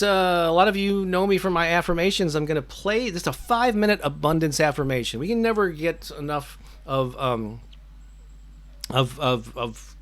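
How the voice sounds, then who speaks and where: A man's voice: fairly high pitch, a bit bright. A middle-aged man hosting his own channel, chatting casually on a live stream with many fillers and restarts. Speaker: affirmation channel host.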